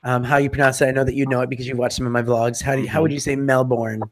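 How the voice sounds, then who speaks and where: An American man runs a loose live-stream chat, tossing prompts to his co-hosts and laughing along. He talks at an everyday middle pitch, heard over a video call. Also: level tone, very fast, background noise. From United States. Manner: leads and prompts the others, laughs easily. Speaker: host.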